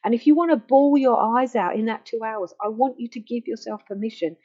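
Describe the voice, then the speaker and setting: Soft-spoken gentle woman counsellor, muffled mic. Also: fairly high pitch. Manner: gentle, slow and reassuring, softening to a near hush. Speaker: grief counsellor. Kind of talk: guided self-help talk. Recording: dull lo-fi faulty microphone.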